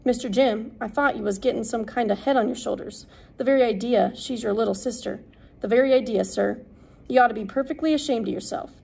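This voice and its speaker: A woman's voice: a little high, a little fast, vocal fry, darkish tone, husky, exaggerated voice, rough recording. Woman reading a stern scolding housekeeper. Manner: scolding, indignant.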